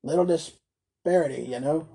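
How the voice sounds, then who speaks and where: A man's voice: a little high, normal speed, vocal fry, breathy edge. A man voicing a scornful, sarcastic middle-aged toy merchant who talks brusquely in a storybook reading. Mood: sly. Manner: brusque, scornful, loud outbursts.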